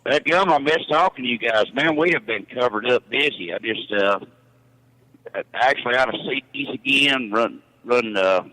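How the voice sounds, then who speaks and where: A middle-aged truck driver calling in by phone, chatting easygoingly with lots of fillers. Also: male voice, medium pitch, moderate pace, sharp tone. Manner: easygoing, rambling with many fillers. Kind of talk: casual phone chat. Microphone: telephone. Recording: phone line.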